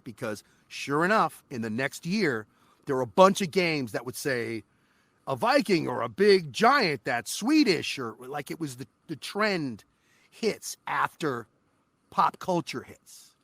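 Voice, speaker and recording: A man guesting on an interview podcast, a voice actor telling animated, profane stories about his work. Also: a little high, moderate pace, dry recording. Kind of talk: casual interview chat.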